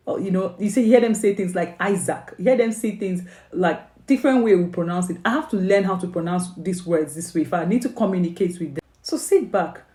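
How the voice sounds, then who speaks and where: Nigerian woman, english exam tutor, earnest coaching, mellow low voice, roomy echo. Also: brisk. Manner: earnest, coaxing, asks many questions, frequent "okay?". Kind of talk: motivational exam advice video.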